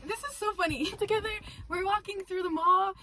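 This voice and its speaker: A woman's voice: very high-pitched, brisk, very noisy. A teenage girl chatting casually with a friend, giggling and rambling as she defends herself. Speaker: co-host. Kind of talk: casual chat.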